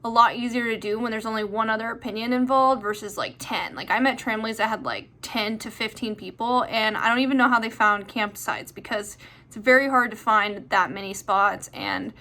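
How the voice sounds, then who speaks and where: A woman's voice: on the high side, fairly even intonation, moderate pace, sharp tone. A young woman answering viewer questions in a chatty, rambling way with lots of fillers. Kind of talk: casual chat.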